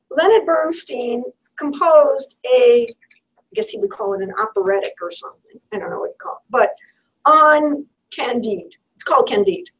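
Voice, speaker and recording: Woman presenter, high voice, conversational, searching for words, heard from some distance. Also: fairly bright tone. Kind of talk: informal lecture to a small audience.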